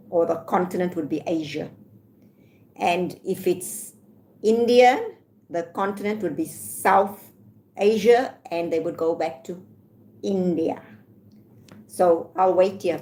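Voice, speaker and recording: A South African woman vlogging from home, ranting and reading comments aloud, repeating her points slowly. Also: lowish voice, mellow, a little hiss or hum. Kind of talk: casual rant to camera.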